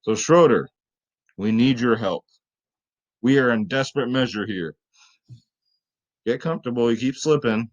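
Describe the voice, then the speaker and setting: A man's voice: medium pitch, unhurried, pauses often, low-quality recording. A man hosting a casual fantasy sports picks show, chatting loosely to his viewers and swearing freely. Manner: loose, profane, chatty, talks to viewers as "guys". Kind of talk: casual lineup-advice commentary.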